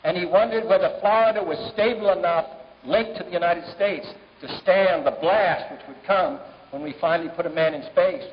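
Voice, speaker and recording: A middle-aged man giving a formal political speech at a fundraiser, measured and pausing often with "uh" between phrases. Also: sits high. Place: large banquet hall. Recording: dull 1960s archive recording, long hall reverb, faint hiss.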